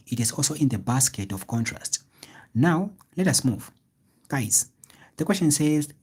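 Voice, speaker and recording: Husky-voiced man teaching a grammar lesson. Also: mid-range voice, darkish tone. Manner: asks the class half-questions ending in "what?" and answers them himself; repetitive, checks understanding often. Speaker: tutor. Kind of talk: live-streamed grammar lesson.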